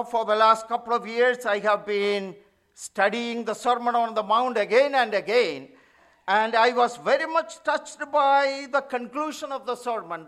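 A man preaching a sermon, slow and emphatic, rising louder when he quotes scripture. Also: very high-pitched.

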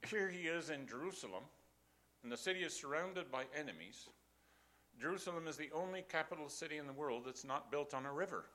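A man's voice: fairly high pitch, expressive, a little fast, sharp tone. An older man preaching a sermon, telling a story emphatically and posing rhetorical questions to his congregation.

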